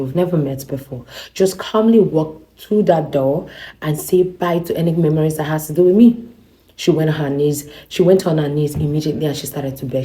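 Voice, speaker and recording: Young woman, low voice, warm tone, animated storyteller, vlog. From Nigeria. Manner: animated, acts out both sides of the quarrel. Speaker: vlogger. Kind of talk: storytelling to camera.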